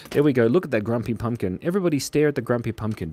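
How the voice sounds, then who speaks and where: A man's voice: mid-range voice, very animated, quick pace, mellow, slight background noise. A man hosting a live drawing stream, reading chat messages aloud and trading silly jokes with viewers. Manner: jokey, playful, reads chat aloud. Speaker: livestream artist.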